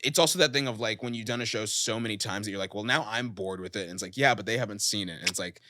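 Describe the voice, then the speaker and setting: A man talks fast on a podcast, with a slightly low but bright, forward voice. He tells stories in bursts and acts out what people said. The sound is dry and close to the mic. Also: no room sound. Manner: fast, animated storytelling with acted-out quotes. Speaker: comedian guest. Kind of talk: casual podcast chat.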